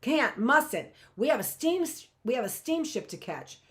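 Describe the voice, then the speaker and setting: A woman voicing a flustered, bashful man who stammers and squeaks in a storybook reading. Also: sing-song, measured pace, a bit bright, full character voice.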